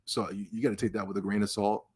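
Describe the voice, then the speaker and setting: A man's voice: on the low side, little pitch movement, fast, a little mellow, slightly rough. Sarcastic ranting male podcast host. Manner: laughs between remarks. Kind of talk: casual gaming news commentary.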